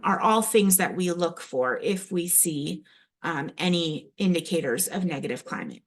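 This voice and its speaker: A woman's voice: on the low side, a bit bright. A woman trainer giving a recorded training presentation, speaking hesitantly with frequent ums and restarts. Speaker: early childhood classroom observation trainer.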